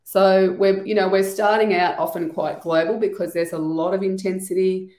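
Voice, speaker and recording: A woman's voice: medium pitch, steady tone, normal speed, darkish tone. A woman, an EFT trainer, explaining her work in a casual, thinking-aloud way on a video call. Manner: chatty, thinks aloud with many "you know" asides. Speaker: EFT trainer and trauma practitioner guest. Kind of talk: casual explanatory interview talk. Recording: echoey room.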